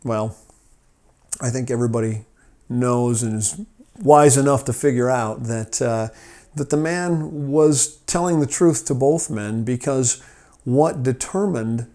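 Brief: male podcast host, friendly storytelling devotional, mid-pitched, halting delivery. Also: mellow. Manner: friendly, hesitant, many fillers. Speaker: podcast host at a rescue mission. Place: office.

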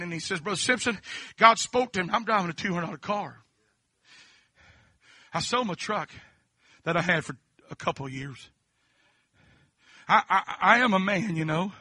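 A Southern-accented preacher from Kentucky gives a testimony sermon, moving between quiet storytelling and fervent, shouted preaching. His voice is high, and the recording has no room sound.

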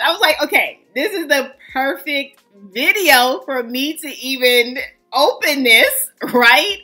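A woman hosting a casual fragrance review vlog, chatty and excitable, greeting her viewers as family. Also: sits high, a little slow, faint music behind. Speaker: fragrance vlogger host.

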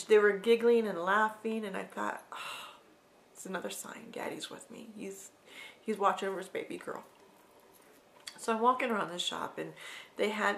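A middle-aged woman telling an emotional personal story in a vlog, halting and sometimes dropping to a soft whisper. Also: medium pitch, vocal fry. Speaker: vlogger.

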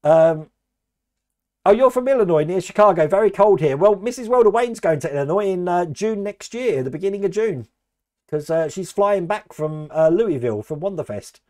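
A man's voice: high voice, lively intonation, normal speed, mellow. An older man from Australia with a mixed Australian and Essex English accent, hosting a live stream and chatting casually as he answers viewers' comments by name.

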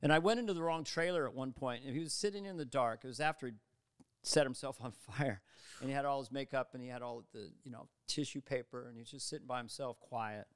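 Animated man telling stories on a podcast. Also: medium pitch, fast, clean tone, no echo, studio quality. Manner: animated, slips into voices and quotes mid-story. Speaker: guest comedian. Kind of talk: casual interview storytelling. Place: podcast studio.

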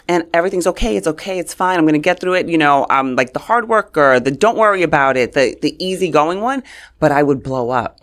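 A middle-aged woman from New York, a communications coach chatting as a podcast guest and telling stories with lively acted-out lines. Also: sits low, fairly quick. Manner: animated storyteller, laughs often, acts out her own past lines. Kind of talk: casual podcast conversation.

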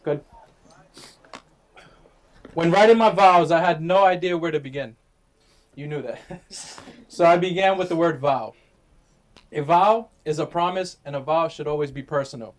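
A man's voice: fairly high pitch, moderate pace, long pauses. A man, the groom, reading his wedding vows in a light, joking manner. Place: outdoor wedding venue.

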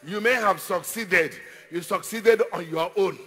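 A man preaching a sermon as pastor, with call-and-response and repeated phrases that rise into shouted declarations. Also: high voice, a little slow, husky, big-room sound.

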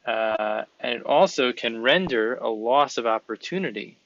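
A man's voice: mid-range voice, animated, normal speed, a bit bright, dry recording. A man hosting a podcast interview, speaking earnestly and encouragingly in long flowing sentences. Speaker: podcast host. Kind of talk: conversational interview. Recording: dull, slightly lo-fi sound.

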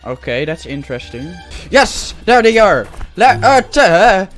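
A man's voice: high-pitched, big pitch swings, unhurried, soft background music. A man giving playful gameplay commentary as a gaming YouTuber, full of silly, exaggerated trash talk and mock-serious jokes.

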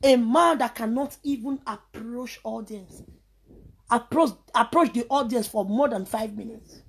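A woman's voice: on the high side, a little slow, breathy edge. A woman with a Nigerian accent in a heated, scornful vlog rant, hurling insults and sliding into sing-song chanted taunts. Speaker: vlogger.

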